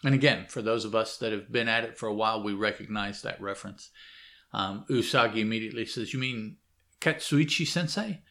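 A man's voice: lowish voice, little pitch movement, fast, sharp tone. A man reading a comic book aloud and commenting on it casually, hesitant, with frequent fillers and self-corrections.

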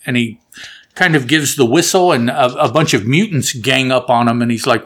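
A man talking through an old comic book in a relaxed, rambling review. He is chatty and amused and often stops to fix a word. His voice sits at an ordinary middle pitch. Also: fairly quick. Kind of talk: casual spoken review and plot recap.

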